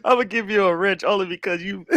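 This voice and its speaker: Young male stream host, casual and profane, high lively voice, dry close sound. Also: fairly quick, dry recording. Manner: animated, swearing, laughing, talking to chat. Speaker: livestream host.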